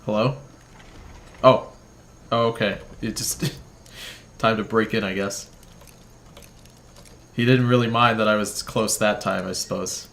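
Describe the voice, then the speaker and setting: Low-ish and steady, his slightly bright voice moves unhurriedly, with vocal fry and frequent pauses. He's a gaming video creator spinning a rambling, foul-mouthed story over gameplay, repeatedly interrupting himself to remark on the game.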